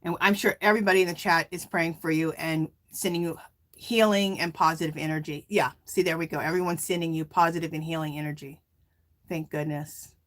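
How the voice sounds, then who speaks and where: A woman's voice: low-pitched, steady tone, fairly quick. Chatty woman hosting a live stream. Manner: chatty, reads viewer comments aloud; warm and emotional, near tears. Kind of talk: casual live stream chat.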